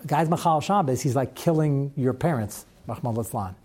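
A man's voice: mid-range voice, expressive, normal speed, a little mellow. A man teaching a Torah class to students, talking through a text with rhetorical questions and wry asides.

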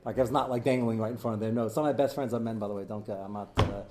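A man teaching a Talmud class as a rabbi, animated and joking, his voice jumping up and down as he mixes in Hebrew study terms. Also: rapid-fire, background noise. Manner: animated, swings in pitch and loudness. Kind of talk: lively Talmud lecture with jokes.

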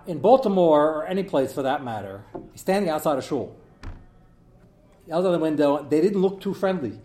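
A man speaking as a rabbi, telling stories to his congregation in a loose, chatty way. His voice sits a little high for a man. The sound carries a roomy echo. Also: mellow. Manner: storytelling, conversational, takes audience questions. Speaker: rabbi giving a talk. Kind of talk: informal lecture to a congregation.

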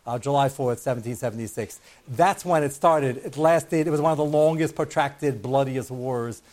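A man's voice: medium pitch, normal speed, a little mellow. A man giving a Torah class, joking and wandering off on side stories while mixing in Hebrew and Yiddish terms. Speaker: rabbi teaching a class.

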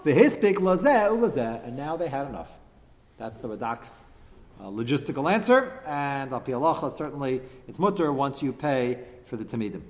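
A man leads a text class with animated, emphatic delivery, often turning ideas into rhetorical questions for his students. His voice sits at a middling pitch. The room rings with a long reverberant tail. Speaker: teacher leading a text class. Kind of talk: classroom lecture with discussion.

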